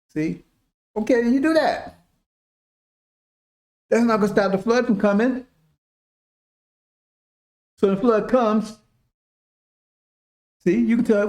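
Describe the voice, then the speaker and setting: A man with a voice pitched a bit above the usual preaches to his followers in a loose, informal way. He talks in emphatic bursts of casual slang and keeps checking in with a repeated "See?". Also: slow pace, pauses often, a little mellow. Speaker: religious teacher.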